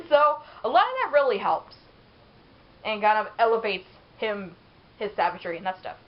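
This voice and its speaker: A woman's voice: medium pitch, expressive, moderate pace, dull audio. A woman giving casual, rambling gameplay commentary, chatty and laughing often.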